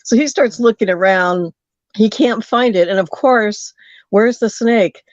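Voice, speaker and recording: A woman caller telling a story on a late-night call-in show, animated and acting out the quotes. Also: mid-range voice, measured pace, no room sound, highs cut off.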